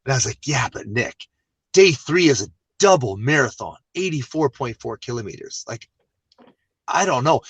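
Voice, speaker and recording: Animated man telling his story in a dry room. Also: medium pitch, moderate pace, breathy edge, no echo. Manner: animated, self-deprecating storyteller. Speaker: guest. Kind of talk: casual interview storytelling.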